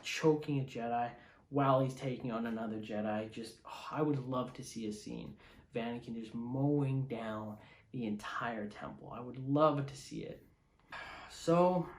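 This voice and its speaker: A man giving a casual, emotional movie review, excitable and full of fillers. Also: mid-range voice, roomy sound. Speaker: film reviewer.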